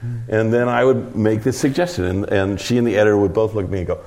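A man with a very deep, low-pitched voice tells an anecdote in an interview. He is a middle-aged producer and director who rambles through his story, restarting sentences and leaning on fillers. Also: fast, a little mellow.

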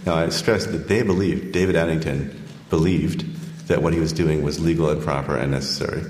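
A man, an author, reading from his book and then taking questions, measured when reading and full of fillers when answering. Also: extremely low pitch, fairly even intonation, a little mellow. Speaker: author giving a talk. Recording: echoey hall, long reverb.

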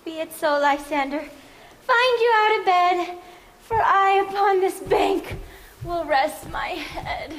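A woman playing an earnest, devoted young noblewoman in a Shakespeare reading, delivering the verse in a measured way. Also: very high voice, fairly bright tone, slight background noise, heavily acted. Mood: tender.

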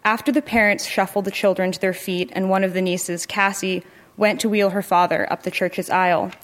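Woman narrating a literary story, calm and measured, middle pitch. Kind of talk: literary fiction reading.

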